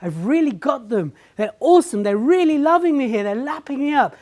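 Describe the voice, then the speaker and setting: A woman giving an animated stage talk to a live audience. She tells stories, acts out people's reactions and keeps asking the audience questions. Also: on the high side, fairly quick, hardly any pauses. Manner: animated storytelling, acting out reactions. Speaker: public speaker.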